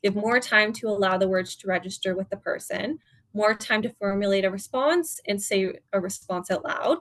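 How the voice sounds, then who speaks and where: A woman presenting at an online seminar as a dementia care educator, giving calm, step-by-step guidance. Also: medium pitch, normal speed, no echo. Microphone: video call.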